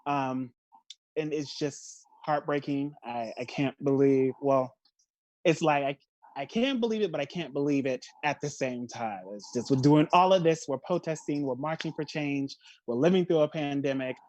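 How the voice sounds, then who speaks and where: Woman, host, casual recap chat, expressive, frank, dry sound. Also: low voice, moderate pace, no echo, muffled recording. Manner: expressive, laughing, tired and frank.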